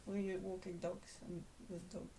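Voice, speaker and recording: Chatty woman with a gravelly low voice. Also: level tone, normal speed, warm tone, a little hiss or hum. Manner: chatty, laughs often, trails off mid-sentence. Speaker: vlog co-host. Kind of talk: casual chat.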